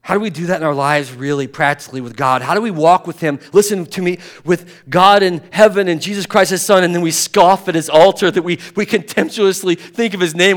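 Conversational preaching man, fairly high voice. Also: fast, few pauses. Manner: conversational preaching, acts out grumbling voices, sighs. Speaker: pastor. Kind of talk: sermon.

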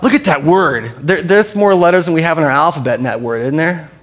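Higher-voiced pastor, casual and playful. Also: male voice, a little fast, fairly bright tone, long reverb tail. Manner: casual, conversational, with frequent restarts; playful, coaxing the congregation to repeat a word. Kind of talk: sermon.

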